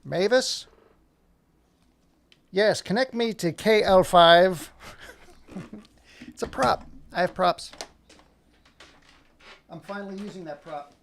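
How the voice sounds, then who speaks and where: A man streaming his animation work, chatting casually and thinking aloud in a rambling, jokey, self-mocking way while he fumbles with his software. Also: fairly high pitch, gravelly, no room sound. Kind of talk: casual live-stream chat.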